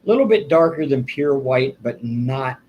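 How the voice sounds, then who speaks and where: A man's voice: mid-range voice, animated, unhurried, dull audio, a little hiss or hum. An older man hosting a casual live stream, telling a long rambling story and chuckling often. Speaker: livestream host.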